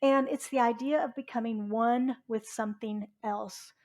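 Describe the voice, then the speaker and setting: A slightly high, somewhat mellow woman's voice keeps fairly even intonation at a moderate pace. She is a middle-aged reverend from Southwest Virginia, giving a conversational sermon in a church sanctuary and asking the congregation questions.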